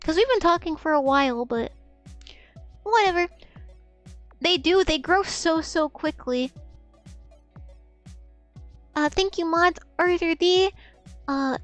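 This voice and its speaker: High-voiced giggly young woman streamer. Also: animated, slow, pauses often, soft background music. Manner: rambling, stammering repeats, giggly, swears casually. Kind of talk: casual live-stream chat.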